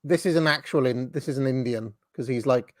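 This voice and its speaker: A man in his forties hosts a relaxed chat over a video call, dry and wry, often chuckling and restarting his sentences. His voice sits mid-range and the sound is close and dead, with no room around it. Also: mid-range voice, fairly quick, dry recording. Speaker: host. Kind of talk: casual chat commenting on videos.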